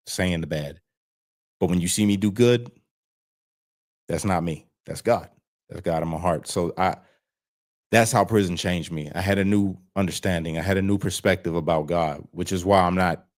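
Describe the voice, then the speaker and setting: Deep-voiced man, frank and plain-spoken. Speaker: interview guest on parole. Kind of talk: candid casual storytelling.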